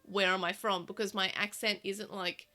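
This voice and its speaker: A chatty Australian woman with bright, forward tone and South Australian-tinged vowels. She rambles casually with lots of fillers and restarts, at an everyday middle pitch, with faint music playing underneath. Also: flat delivery, normal speed. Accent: Australian, South Australian vowels, living in Melbourne. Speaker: podcast co-host. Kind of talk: casual chat.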